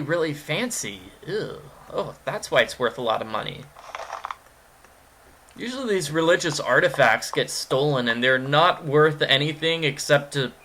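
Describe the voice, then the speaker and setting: A man's voice: a little high, fairly bright tone. A man giving gameplay commentary, rambling and cracking goofy jokes. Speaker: let's player.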